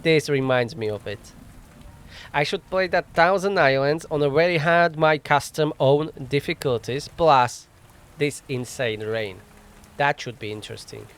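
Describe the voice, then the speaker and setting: A man's voice: fairly high pitch, unhurried, fairly bright tone, clear, resonant tone. A man hosting a casual let's play, thinking aloud as he plays, chuckling often and mocking himself wryly on a desk microphone. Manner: thinks aloud while playing. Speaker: gaming channel host.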